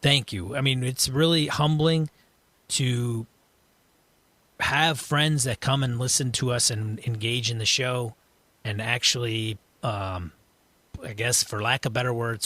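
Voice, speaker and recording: A man co-hosting a gaming podcast, speaking hesitantly with many pauses and fillers. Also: medium pitch, fairly even intonation, bright, forceful tone, no echo. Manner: hesitant, halting, many ums, grateful. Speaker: podcast co-host. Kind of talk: casual podcast chat.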